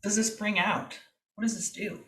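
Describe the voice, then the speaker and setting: A woman's voice: mid-range voice, steady tone, normal speed, fairly bright tone. A woman comedian guesting on a podcast, chatting casually with self-deprecating, anxious, dry humor. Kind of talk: casual chat.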